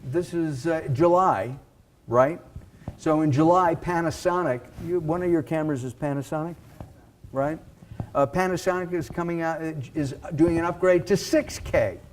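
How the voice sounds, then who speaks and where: A man giving a casual live sales pitch for his coaching to an audience, talking in an animated way with fillers and restarts. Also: moderate pace, a little hiss or hum. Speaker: video and speaking coach.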